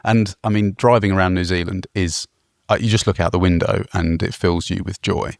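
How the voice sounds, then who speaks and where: Guy rambling thru a travel story on a podcast, low kinda gravelly voice, laughs at himself a lot. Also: steady tone, a little fast, no room sound, studio quality. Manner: rambling, chuckling, self-deprecating. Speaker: podcast co-host.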